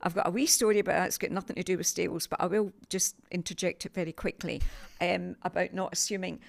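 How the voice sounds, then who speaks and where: An older woman with a Scottish accent from Glasgow, a TV sales presenter telling stories as a podcast guest in an animated, emphatic way. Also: on the low side, fast talker, vocal fry. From Scotland, Glasgow. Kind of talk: conversational storytelling.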